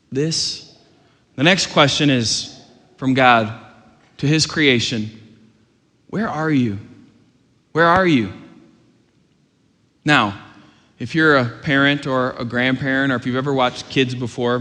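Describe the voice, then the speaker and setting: A man preaching a sermon as pastor, earnest and rising to loud, urgent questions. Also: medium pitch. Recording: long hall reverb.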